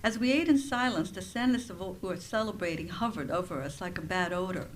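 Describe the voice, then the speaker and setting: A woman professor and author reading her own nonfiction aloud at a campus writing center event, with expressive, wry storytelling. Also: fairly low pitch, fairly quick, hardly any pauses, a little hiss or hum, poor audio.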